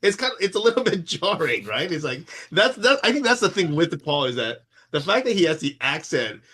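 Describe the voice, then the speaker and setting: A man's voice: a little high, big pitch swings, a little fast, bright, forceful tone, breathy edge. A middle-aged man co-hosting a podcast, rambling in casual chat with many fillers. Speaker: podcast co-host.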